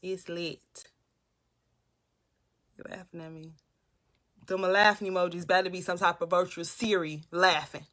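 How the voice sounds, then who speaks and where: A bright-voiced young woman talks casually to her viewers in a live stream from her room at home. She chats easily and answers their comments as she goes, into a phone or webcam. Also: lowish voice, steady tone, measured pace, long pauses. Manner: chatty, reads and answers comments aloud. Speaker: motivational livestream host.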